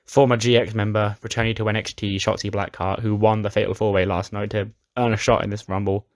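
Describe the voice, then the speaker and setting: A man with a fairly low voice narrates a wrestling sim playthrough in a chatty, offhand way. He trips over and restarts his sentences and slips in brief chuckles. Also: level tone, fast talker. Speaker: game commentator. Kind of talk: casual recap of a wrestling sim game.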